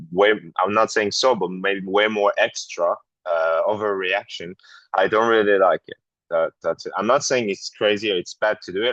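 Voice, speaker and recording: A man with a French accent, a guest actor chatting candidly on a podcast, often pausing to search for words in English. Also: low voice, fairly bright tone, no room sound, lo-fi sound. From France. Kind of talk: casual podcast conversation.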